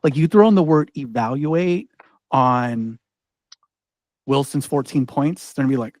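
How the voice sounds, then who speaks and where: A man leads an online teaching workshop in a loose, chatty way, peppering his talk with "like" and "right?" and restarting sentences as he clicks through a demo. His voice sits at an ordinary middle pitch. It is picked up dry and close on a computer mic, with no room sound. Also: unhurried, pauses often, darkish tone, no echo. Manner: casual, chatty, full of "like" and "right?", frequent restarts. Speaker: ed-tech trainer presenting a workshop.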